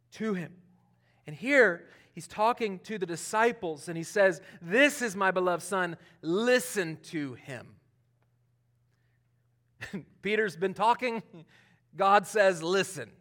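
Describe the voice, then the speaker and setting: A man preaching a sermon in a conversational, animated way, acting out what people say. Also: fairly high pitch. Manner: conversational, animated, acts out quotes, laughs often. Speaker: pastor.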